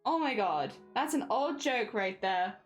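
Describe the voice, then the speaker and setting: A woman's voice: on the high side, animated, a little slow, soft background music. A woman livestreamer chatting casually with viewers while crafting, giggly and rambling, laughing often.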